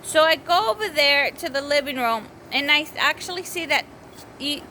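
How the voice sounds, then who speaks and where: Speaking at a moderate pace in a high-pitched voice, a thirtysomething woman tells a vlog story about her week at home against a noisy background. She wanders and corrects herself, stopping now and then to scold the young kids around her.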